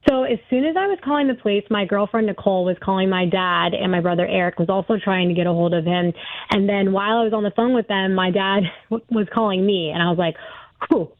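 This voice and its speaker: A woman recounting a scary experience over the phone on a radio show, quick and breathless. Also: medium pitch, dry recording. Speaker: caller's daughter. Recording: tinny phone line.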